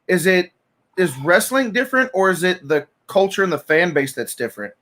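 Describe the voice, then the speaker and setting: A man's voice: high voice, sing-song, brisk, fairly bright tone. A man hosting an interview, asking questions in a laid-back, slangy way. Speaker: interviewer, host. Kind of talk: casual interview.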